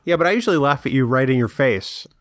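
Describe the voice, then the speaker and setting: Podcast guy ribbing his cohost, deadpan teasing, dry close sound. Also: mid-range voice, quick pace, no room sound. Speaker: podcast co-host. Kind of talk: casual chat.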